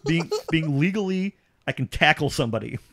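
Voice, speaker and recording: A man hosting a casual chat in his own studio, eager and quick to laugh and jump in. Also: on the high side, lively intonation, a bit bright. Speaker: studio host. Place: studio, sitting on couches.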